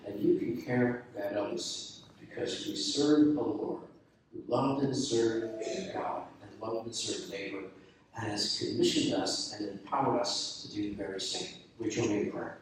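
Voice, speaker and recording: A man's voice: fairly low pitch, steady tone, normal speed, recorded from a distance, slight background noise. A man preaching a sermon earnestly, building emphasis through repeated phrases, and closing in prayer. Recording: echoey room heard from afar.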